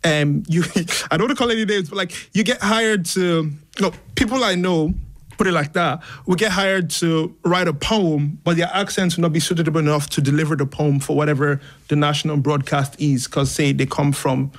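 A man's voice: a little high, fairly even intonation, normal speed. A man from Nigeria, a poet and musician, answering interview questions casually, laughing often and filling his speech with "like". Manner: laughs often, says "like" a lot.

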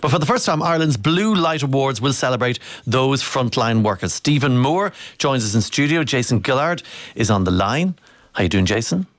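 A man hosting a radio interview, conversational and brisk. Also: medium pitch, animated, no room sound. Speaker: radio host.

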